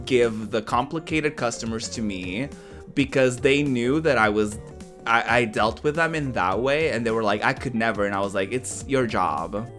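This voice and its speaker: A man casually chatting on a livestream, rambling with lots of filler words and animated storytelling. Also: mid-range voice, moderate pace, faint music behind. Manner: animated storytelling, laughs often. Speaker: streamer.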